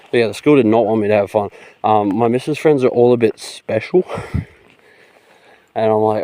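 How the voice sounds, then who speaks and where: A man's voice: fairly low pitch, moderate pace, vocal fry, long pauses, warm tone. A young man, rambling through a casual story into his phone, laughing and swearing as he goes. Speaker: vlogger. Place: outdoors.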